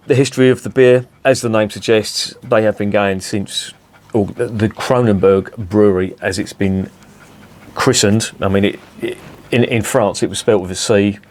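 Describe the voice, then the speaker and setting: A man's voice: on the low side, darkish tone. A man in his fifties reviewing beer in a casual, rambling, sweary chat full of digressions.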